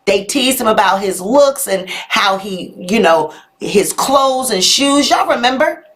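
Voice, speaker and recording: Hosting a live gossip show on YouTube, a woman speaks sassily to her viewers, reacting to their comments and calling them "honey" and "y'all." Her voice is a little high and a bit bright, with lively intonation and an unhurried pace.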